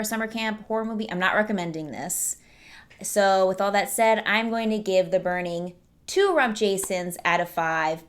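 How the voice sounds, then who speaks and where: Chatty young woman reviewing a movie. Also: mid-range voice. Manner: chatty and animated, mocking characters with quoted voices. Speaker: horror movie reviewer, show host. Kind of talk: casual movie review monologue.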